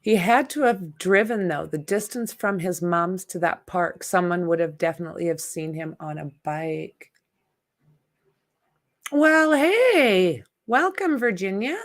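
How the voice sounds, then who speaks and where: Hosting a relaxed true-crime livestream, a woman talks in an unhurried, gravelly voice that sits on the low side. She chats, greets viewers by name and reads comments aloud, and she's outspoken and fed up with spammers, telling them off bluntly.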